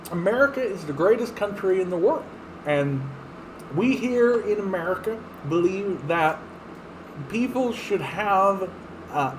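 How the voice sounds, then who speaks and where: A man putting on a rambling old politician, his voice pitched well up and thin, folksy catchphrases drawled out slow as if to a crowd of voters, some faint air-conditioner hum behind him.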